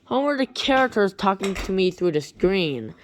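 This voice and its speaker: A woman retelling a creepy story in a rambling, halting way with many restarts. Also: medium pitch, big pitch swings, a little hiss or hum.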